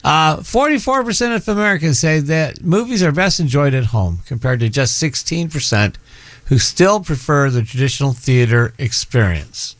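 A man's voice: fairly high pitch, animated, normal speed, a bit bright, dry recording. A middle-aged man hosting a casual chat show, rambling and often breaking off mid-sentence. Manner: rambling, self-interrupting, chatty. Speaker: show host.

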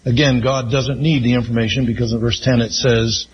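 Pastor, male, emphatic sermon delivery, mid-pitched voice, dull lo-fi recording with faint hiss. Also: steady tone. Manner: slow, emphatic preaching with Scripture read aloud.

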